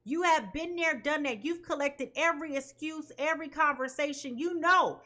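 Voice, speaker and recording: A woman's voice: sits high, normal speed, sharp tone. A woman reading tarot for her viewers in an emphatic way, often checking in with "okay?". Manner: emphatic, keeps asking "okay?". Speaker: tarot reader.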